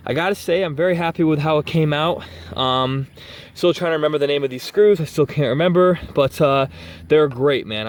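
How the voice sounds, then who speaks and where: A man talking casually to a camera in an outdoor backyard gym, rambling and self-deprecating about his homemade workout gear. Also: medium pitch. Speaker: home workout vlogger.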